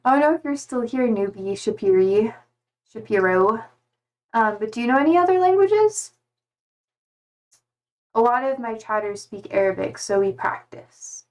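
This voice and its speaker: A woman's voice: on the high side, big pitch swings, moderate pace, a little mellow. A young woman from Germany whose first language is German, chatting casually with her livestream viewers and reading their messages aloud.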